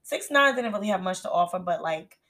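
A woman's voice: lowish voice, expressive, fairly quick, a bit bright. A young woman co-hosting a podcast, telling a story in casual chat and laughing often. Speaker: podcast co-host.

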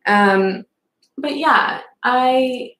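A woman's voice: high-pitched, very slow, a bit bright. A young adult woman hosting a casual podcast livestream, chatting in a rambling way and reading out viewer comments. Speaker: podcast host. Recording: echoey room with faint background noise.

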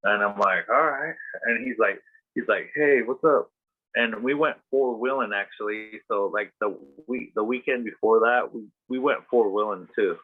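A podcast host's lowish voice carries a loose, rambling story at a moderate pace, heavy on fillers and profanity. The recording has a tinny, phone-like quality.

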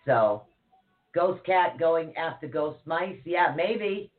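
A woman's voice: sits low, animated, slow. A woman co-hosting a casual livestream, chatty and rambling, cracking jokes as she greets viewers. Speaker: co-host. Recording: tinny phone-like audio.

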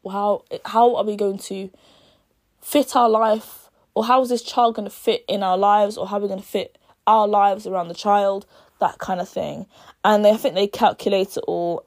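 A young woman talks through a book she has read in an easy, chatty way. She slips in and out of the characters' voices and keeps checking in with her listeners. Her pitch sits in a middle range. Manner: chatty and animated, acting out characters' lines, asking "right?". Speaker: book reviewer. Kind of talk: casual book talk retelling a plot.

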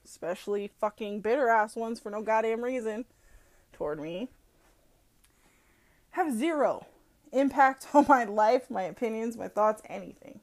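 A woman's voice: on the high side, measured pace, long pauses. A woman hosting a solo podcast, ranting bluntly with heavy swearing, laughing often and mocking people as she tells stories. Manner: mocking, animated storytelling. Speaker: podcast host. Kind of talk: profane solo podcast rant.

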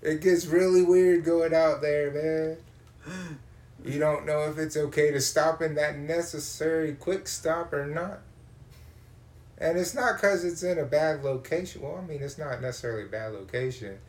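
A man spins a profane, comic story. He is animated and acts out the people he runs into. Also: a little high, normal speed. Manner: animated, swears a lot, acts out voices.

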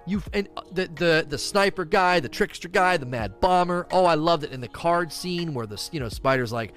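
Animated man chatting on a stream. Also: a little high, normal speed, hardly any pauses, faint music behind. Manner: animated, rambling, reads chat questions aloud. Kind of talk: casual live-stream chat.

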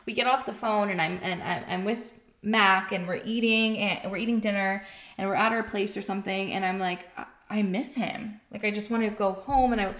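A woman's voice: mid-range voice, normal speed. Candid woman telling a personal story. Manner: emotional, animated, acts out quoted voices. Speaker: podcast guest telling her story. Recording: roomy echo.

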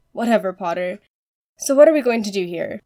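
A woman's voice: medium pitch, animated, normal speed, dark tone, natural voice. A woman voicing a haughty, proud young girl heiress with scornful, sulky retorts in a fan audiobook reading.

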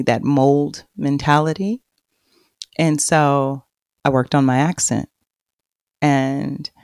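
Recorded in a studio with no echo, this podcast host from Texas has a deep, rumbling, creaky voice. She shares a personal story in a confiding, talkative manner. Bragging makes her loud and animated, while later passages grow quiet and thoughtful.

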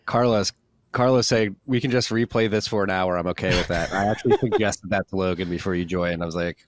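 A man's voice: sits low, brisk. A man hosting a podcast in casual chat, joking with guests and a bit tired after a workout. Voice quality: relaxed, jokey, calls listeners freaks. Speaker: podcast host.

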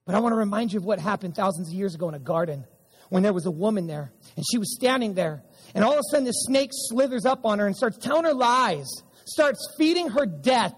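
A very high-pitched, slightly rough male voice belongs to a middle-aged pastor giving an emphatic sermon. He repeats lines and calls out to the congregation, who answer back, in a church sanctuary with long reverb.

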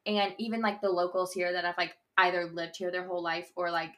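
A woman's voice: fairly low pitch, flat delivery, fairly quick, pushed and bright. A young woman co-hosting a podcast, telling a story in a chatty, rambling way full of "like". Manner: chatty storyteller, heavy use of "like". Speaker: podcast co-host. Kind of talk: casual chat. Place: in Nashville, indoors.

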